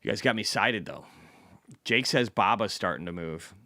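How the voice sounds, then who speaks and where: A man's voice: lowish voice, animated, moderate pace, sharp tone, no room sound. A man hosting a casual stock market livestream, blunt and chatty, reading economic data aloud and answering viewers' questions.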